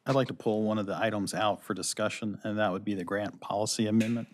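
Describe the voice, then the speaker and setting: A man's voice: fairly low pitch, fairly even intonation, fast talker. A man speaking as a council member at a town meeting, informal and a bit rambling. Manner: casual, rambling.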